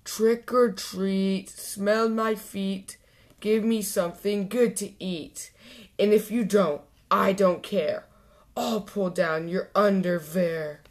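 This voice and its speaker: A woman voicing an excitable young boy frog in a children's storybook reading, bursting with ideas. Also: mid-range voice, slow. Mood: playful chant. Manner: eager, bouncy, blurting ideas.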